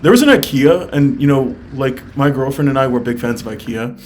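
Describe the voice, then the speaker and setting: A man's voice: mid-range voice, a little fast, a little mellow, a little hiss or hum. Chatty young man reviewing his travels. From United States. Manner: chatty, many fillers, candid and upbeat. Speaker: travel vlogger. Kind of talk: casual vlog review.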